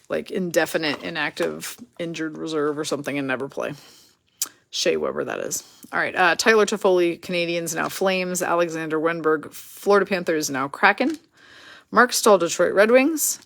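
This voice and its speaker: A woman with a lowish, gravelly voice hosts a live card break. She runs through names and teams in a chatty, easygoing way and laughs at her own mistakes. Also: fairly bright tone.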